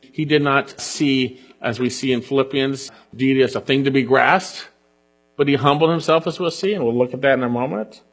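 A pastor preaching an earnest sermon and reading scripture aloud, often dropping to a hush on key points. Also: male voice, medium pitch, moderate pace.

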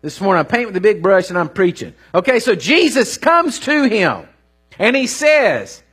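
A middle-aged man, preaching a sermon in an animated, folksy storytelling way with rising bursts and a husky voice. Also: high voice, normal speed. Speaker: pastor.

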